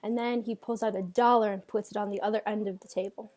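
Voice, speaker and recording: A woman telling a folk tale aloud, unhurried and easygoing with small fillers. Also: mid-range voice, steady tone, a little mellow. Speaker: storyteller. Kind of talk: oral folk tale storytelling.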